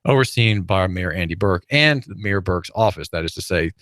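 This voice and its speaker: A man's voice: low-pitched, expressive, normal speed, fairly bright tone, no room sound. A man hosting a talk radio show, rambling through a monologue with many fillers, restarts and wry chuckles. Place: radio studio.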